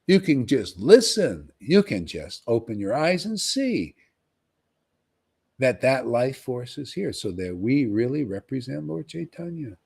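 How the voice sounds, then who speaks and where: A man preaching on a livestream in an emphatic, animated way, often tossing in "man.". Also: medium pitch, a little slow, gravelly, breathy edge. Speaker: spiritual teacher.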